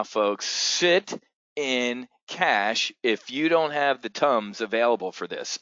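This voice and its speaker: A man's voice: medium pitch, fairly bright tone, dry recording, muffled recording. A man hosting a casual live market briefing for options traders, blunt, profane and rambling. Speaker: options trading host.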